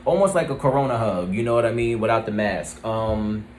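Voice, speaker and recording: A man giving a casual, rambling recap of a TV episode, often pausing with "let's see" and "um". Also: fairly low pitch, darkish tone, slight background noise. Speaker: TV review vlogger. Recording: roomy echo.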